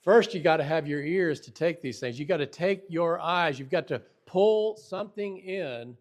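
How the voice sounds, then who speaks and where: A man's voice: on the high side, expressive, normal speed. A man giving a recorded Bible lesson, earnest and emphatic, sometimes restarting his words as he explains. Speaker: Bible teacher.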